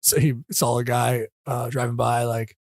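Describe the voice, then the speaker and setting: A man's voice: mid-range voice, flat delivery, normal speed, gravelly, a little mellow, dry recording. A man co-hosting a podcast in casual chat, dry and sarcastic, teasing his friend. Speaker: podcast co-host.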